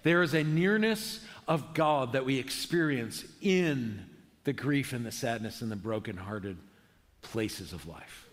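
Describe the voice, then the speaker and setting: A pastor with a mid-range voice and lively intonation delivers a conversational sermon, earnest but halting, often starting his sentences over. The recording carries a long hall reverb.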